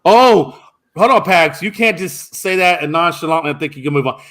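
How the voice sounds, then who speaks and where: A man co-hosting a sports talk show, arguing his point with emphatic, animated delivery that jumps up at times. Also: a little high, normal speed. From United States. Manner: animated, emphatic, rising to shouts. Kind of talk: casual sports debate.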